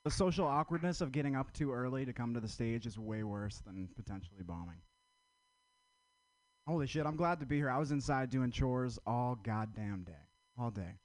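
Male stand-up, deadpan one-liners, mid-pitched, dry close mic. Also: normal speed, dry recording. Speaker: stand-up comedian.

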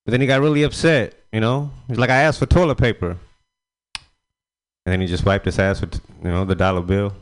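A man's voice: lowish voice, fairly even intonation, fast talker, hardly any pauses, clear, resonant tone. A man performing a casual, rambling stand-up set at an open mic, laughing at his own jokes. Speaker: stand-up comedian.

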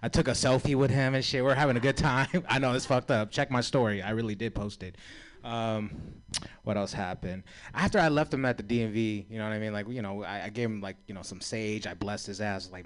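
A man's voice: fairly low pitch, a little fast. A man doing a stand-up comedy set, crude and self-deprecating, laughing at his own jokes. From San Francisco.

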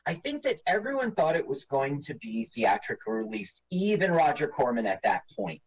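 Animated husky man riffing on a movie. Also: fairly high pitch, brisk, dull audio. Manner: animated, jokey, mimics lines in silly voices. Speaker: podcast co-host. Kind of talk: casual movie-watching commentary.

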